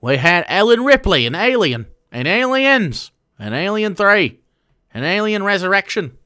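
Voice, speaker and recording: A man speaks in a high, sing-song voice at a measured pace, pitching it above his natural register so it sounds pushed, bright, clear and resonant. He is mocking an Australian bloke with an exaggerated, put-on accent. The recording is dry and clean, with studio quality.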